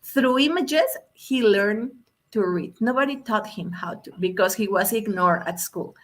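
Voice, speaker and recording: A woman's voice: mid-range voice, animated, measured pace. A woman from Mexico giving a motivational talk as a guest speaker. She tells a story with emphasis, repeating words and asking the audience questions. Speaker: guest speaker, English language specialist.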